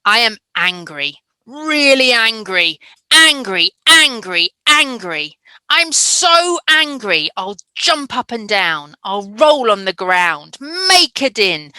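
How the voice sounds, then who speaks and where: A woman's voice: on the high side, very animated, dry recording, voice pushed up, full character voice, low-quality recording. A woman reading as a furious stomping child. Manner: shouted, slow, punchy list chant.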